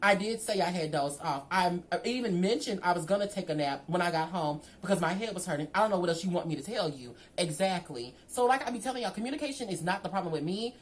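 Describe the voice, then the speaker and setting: Young woman, lowish voice, sassy storyteller, animated, casual vlog chat. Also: fast, few pauses. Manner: sassy, animated, keeps calling the listener "girl". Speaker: storytime vlogger.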